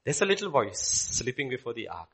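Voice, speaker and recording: A man preaching a sermon, swinging from loud declaiming to hushed whispers. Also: mid-range voice, very animated, brisk, slightly rough.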